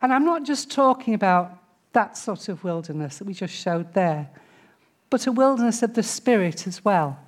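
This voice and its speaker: A middle-aged woman gives a sermon in a church, speaking at an ordinary, mid-range pitch. Her delivery is conversational and direct, and now and then she acts out whiny complaints to make her point. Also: lively intonation, moderate pace. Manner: conversational, playfully acts out grumbling voices. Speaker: preacher.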